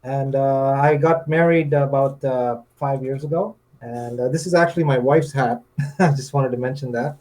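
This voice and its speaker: A man's voice: mid-range voice, fairly even intonation, moderate pace, darkish tone, poor audio. A man in his thirties from India, a guest on a livestream, talking hesitantly with many fillers and easy laughs. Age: 30s. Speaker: debate guest. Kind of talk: casual livestream chat.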